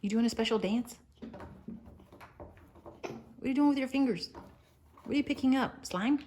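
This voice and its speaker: A woman's voice: a little high, moderate pace, warm tone, a little hiss or hum. A young mother encouraging her toddlers at the table at home, cheerful and sing-song, sometimes dropping to a whisper. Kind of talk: casual home video with children.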